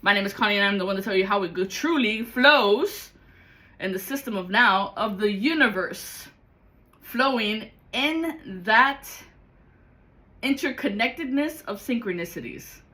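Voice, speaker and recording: A woman giving a rambling, excitable spiritual vlog monologue as a card-reading guide, swearing freely. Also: medium pitch, a little slow, low-quality recording.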